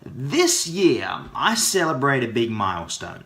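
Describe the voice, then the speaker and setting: A man's voice: mid-range voice, wildly swooping pitch, unhurried, a bit bright. A man with an Australian accent, casually telling a playful story crammed with Aussie slang. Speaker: vlogger.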